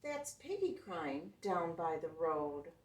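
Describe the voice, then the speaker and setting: A woman voicing a cheerful, brave little male truck in a picture book, talking in a friendly, upbeat way with high beeping honks. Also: sing-song, slow pace. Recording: roomy sound, mic at a distance.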